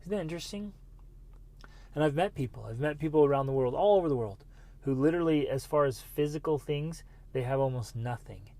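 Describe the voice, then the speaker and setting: A middle-aged man hosting a motivational podcast, talking earnestly and breaking into bursts of excitement. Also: fairly high pitch, a little fast. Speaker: podcast host.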